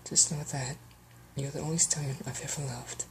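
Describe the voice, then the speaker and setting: A man voicing a gentle, weary female pony who speaks in faint, breathy whispers. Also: medium pitch, fairly even intonation, moderate pace, background noise, voice pushed up, natural voice. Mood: weak tender.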